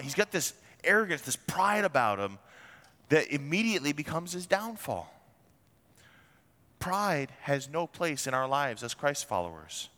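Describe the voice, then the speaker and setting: A man's voice: medium pitch, sing-song, measured pace, long pauses, pushed and bright, long reverb tail. A man preaching a sermon as a pastor, blunt and wry, with rhetorical asides to the congregation.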